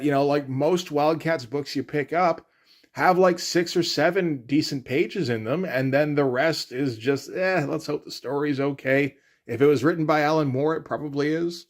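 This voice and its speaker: A man casually recapping and critiquing a comic issue in an offhand, rambling way with lots of fillers. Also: mid-range voice. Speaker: comics commentator. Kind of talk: casual comic read-through.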